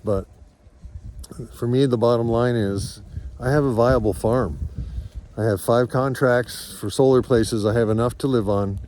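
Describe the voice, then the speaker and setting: Man, mid-pitched, farm vlogger; candid, meandering, sincere storytelling to camera. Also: dark tone, a little hiss or hum. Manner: rambling, earnest, reflective. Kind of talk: candid personal vlog.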